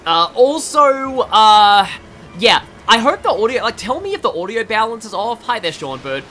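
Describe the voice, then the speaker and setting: A man's voice: high voice, very animated, normal speed, pushed and bright, a little hiss or hum. An Australian man giving casual, rambling game commentary, full of fillers and laughter. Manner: rambling, chatty, laughs often, many fillers. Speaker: gaming video host. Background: faint game music.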